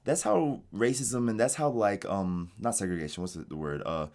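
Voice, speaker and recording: Laid-back American man, low voice. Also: moderate pace. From United States. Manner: relaxed, rambling, heavy use of "like". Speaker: interviewee, game designer in Japan. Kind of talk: casual interview chat. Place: home streaming setup.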